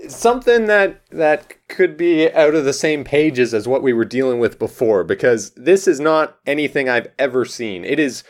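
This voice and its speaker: Lively tabletop player, a man whose pitch roams widely, mumbly then excitable. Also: moderate pace, hardly any pauses. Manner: animated, laughing, swings from mumbling to excited. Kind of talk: tabletop role-play chat.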